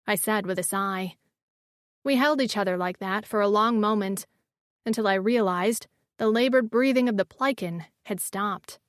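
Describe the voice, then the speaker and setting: A woman narrating a romance audiobook in the first person, with a measured, intimate reading. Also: mid-range voice, no room sound, clean studio sound.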